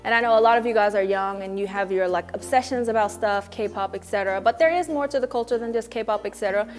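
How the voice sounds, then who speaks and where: A woman's voice: mid-range voice, fast, faint music behind. A young American woman vlogging casually to camera, chatty and slangy, mimicking people she quotes. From United States. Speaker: vlogger living in Korea. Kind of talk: casual vlog talk to camera.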